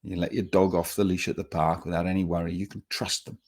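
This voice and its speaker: A man's voice: sits low, level tone, quick pace, darkish tone. A middle-aged man, a dog trainer, teaching a seminar in an earnest, repetitive way with restarts. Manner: earnest, repetitive, talks with restarts and acted-out quotes.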